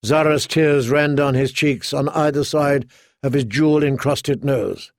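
Gravelly man narrating a fantasy novel. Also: mid-range voice, no echo, studio quality. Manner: steady, measured storytelling. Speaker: audiobook narrator. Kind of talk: scripted narration.

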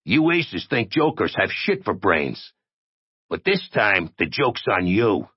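A man voicing a hulking, resentful oddity with a rumbling, snarling delivery, raised in pitch above his narration. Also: big pitch swings, slow, husky, no echo, lo-fi sound, full character voice. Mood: gloating.

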